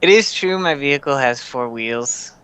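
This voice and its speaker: A man role-playing his tabletop character in stiff, overly formal speech. His voice is bright, smooth and clear. The delivery is measured and proper. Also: mid-range voice, expressive. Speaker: tabletop game player.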